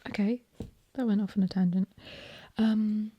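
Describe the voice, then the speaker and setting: A woman's voice: medium pitch, fairly even intonation, unhurried, muffled recording. A young English woman whispering ASMR chat, rambling and opinionated, a little sniffly, recorded ear to ear on a binaural mic. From England. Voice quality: breathy whisper. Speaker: ASMR host.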